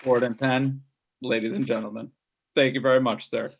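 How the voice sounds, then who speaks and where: A man's voice: mid-range voice, flat delivery, moderate pace, slightly rough. A man introducing acts at an open-mic show, hesitant with fillers. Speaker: emcee. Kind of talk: stage introductions.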